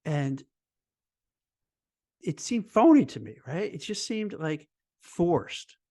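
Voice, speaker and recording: A man, a recruiter and career coach, giving casual job-interview advice in a chatty, animated way, full of "you know" and "like". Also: fairly high pitch, takes it slowly, no echo. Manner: conversational, lots of fillers like "you know" and "like"; animated, acts out quoted voices. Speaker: recruiter and career coach hosting a live stream.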